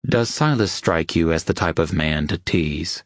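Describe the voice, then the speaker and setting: A commanding, protective man, voiced by a male narrator, blunt and firm. He swears freely. His very low voice is recorded dry and close, as in an audiobook. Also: measured pace, no room sound. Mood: reprimanding. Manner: firm, serious, profane.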